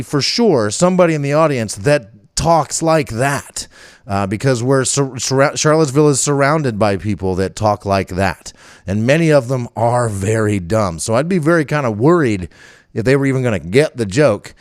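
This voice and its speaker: A man's voice: mid-range voice, lively intonation, moderate pace, no echo, clean studio sound. An older man with a rural Virginia country accent, hosting a podcast in a rambling, casual chat with many fillers. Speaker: podcast host.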